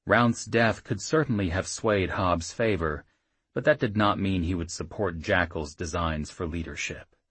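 A man narrating a fantasy audiobook in a measured, steady way. His voice is very deep with a husky grain, recorded close and dry with no room sound. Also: dry recording.

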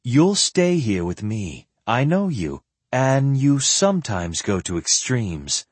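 A man's voice: mid-range voice, very animated, takes it slowly, breathy edge, no echo, full character voice. A man reading the part of a firm, shrewd female mystic, lifting his voice slightly.

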